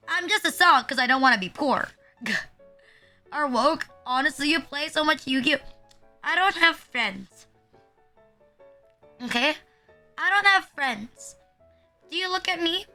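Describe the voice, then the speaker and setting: A woman's voice: high voice, expressive, normal speed, pauses often, pushed and bright, soft background music. A woman in her twenties streaming casually, nervous, rambling, swearing and putting herself down. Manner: rambling, profane and self-deprecating. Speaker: VTuber streamer. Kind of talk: casual live-stream chat.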